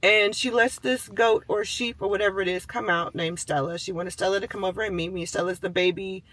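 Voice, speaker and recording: A man's voice: high voice, fairly even intonation, brisk, a bit bright. A man telling a personal story in a casual, chatty way, full of "like" and "you know", and acting out the voices of people and animals as he goes.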